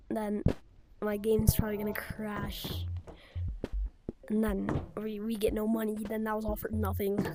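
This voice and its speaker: A woman giving casual gameplay commentary, chatting to her viewers and swinging between low mumbles and excited outbursts. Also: measured pace, pauses often, very noisy. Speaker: gamer.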